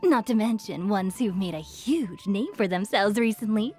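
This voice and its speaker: A woman's voice: mid-range voice, animated, moderate pace, soft background music, lightly acted. An actress voicing a friendly, chatty young female tavern keeper who talks politely and likes to gossip. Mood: friendly, gossipy. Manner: polite, gossipy, warm to customers.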